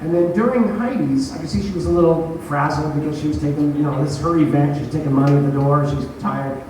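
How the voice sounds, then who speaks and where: A stand-up comedian with a fairly high voice talks quickly, telling a rambling, swear-filled story about his own set and laughing at himself, animated throughout. It's a casual storytelling chat, and he sounds far from the mic in a very echoey room with a noisy background.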